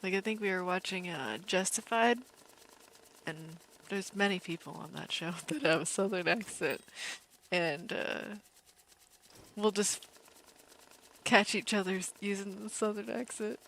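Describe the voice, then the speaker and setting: A woman streaming a game, chatting casually with viewers in a calm, relaxed way and laughing easily. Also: mid-range voice, a little slow, long pauses, slight background noise. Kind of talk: casual live-stream chat over gameplay.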